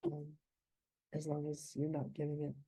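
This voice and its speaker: A middle-aged woman teaching a poetry lesson in a deep, mellow voice, pitched a little low. She explains patiently and thinks aloud as she goes. The sound is dry and close. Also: monotone, normal speed, husky, no echo, poor audio. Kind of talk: explanatory lesson on poetic meter.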